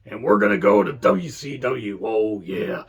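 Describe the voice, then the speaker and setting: A man doing an impression of a raspy, intense, boastful male pro wrestler, recorded with dull lo-fi sound. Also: on the low side, animated, measured pace, voice pushed down, full character voice.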